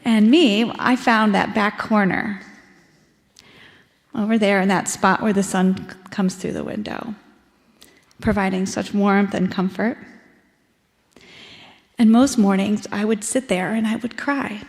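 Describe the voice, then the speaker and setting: A woman's voice: mid-range voice, steady tone, a little slow, gravelly, pauses often. Woman in her 40s telling her story at church, chatty and reflective, lots of ums, big echoey sanctuary. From Ohio, USA. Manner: conversational, reflective, frequent ums. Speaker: congregant giving a reflection. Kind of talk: personal testimony in a service. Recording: echoey church hall with long reverb.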